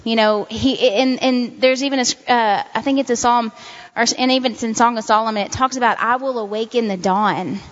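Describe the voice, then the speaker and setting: A woman's voice: on the high side, steady tone, brisk. Woman, christian speaker, earnest conversational teaching, dull recording, long hall reverb. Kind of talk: informal devotional teaching.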